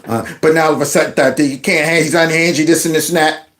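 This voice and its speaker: A man's voice: on the high side, fairly even intonation, quick pace, fairly bright tone. A middle-aged man, a former school principal, hosting a reaction commentary and talking back at clips in an indignant, mocking way.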